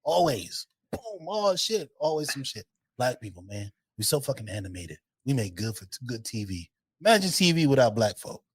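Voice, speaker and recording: Animated cussing dude on a podcast, voice all over the place, dry mic. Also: male voice, mid-range voice, moderate pace, slightly rough, dry recording. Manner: animated, profane, playful impressions. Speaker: podcast co-host. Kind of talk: casual podcast chat.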